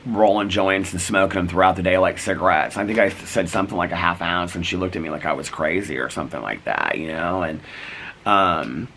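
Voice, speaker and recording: A man's voice: sits low, a little fast, fairly bright tone, a little hiss or hum. A middle-aged man vlogging, telling a personal story in a chatty way, full of "like" and "you know", acting out quoted exchanges. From United States. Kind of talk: casual storytelling to camera.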